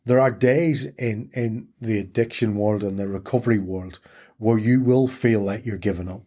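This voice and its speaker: Husky, low-voiced man. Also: moderate pace, warm tone. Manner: earnest, emphatic, repeats phrases for weight. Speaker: interview guest. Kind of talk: candid storytelling.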